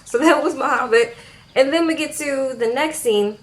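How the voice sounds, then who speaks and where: A woman's voice: high voice, normal speed. A woman giving a casual recap of a reality show episode, retelling scenes in a chatty way and often tagging her sentences with "okay?".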